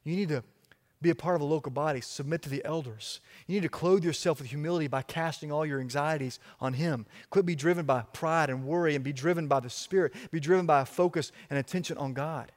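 High-voiced preaching man in a reverberant hall. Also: quick pace. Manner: emphatic, repetitive preaching cadence. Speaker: pastor. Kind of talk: sermon.

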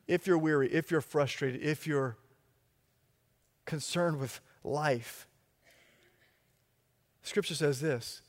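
A man's voice: a little high, slow, long pauses, in a large hall. A man preaching a sermon as pastor, emphatic, with a repetitive cadence.

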